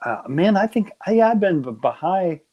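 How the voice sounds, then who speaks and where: Joking livestream host, a man in his fifties, gravelly and high. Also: sing-song, moderate pace, highs cut off. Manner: jokey, puts on silly voices. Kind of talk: casual live chat.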